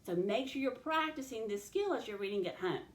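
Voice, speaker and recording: Woman teacher, clear step-by-step phonics lesson. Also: fairly high pitch, lively intonation, brisk. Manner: clear, step-by-step instructional delivery, addressing students directly. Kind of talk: recorded classroom phonics lesson. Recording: roomy echo.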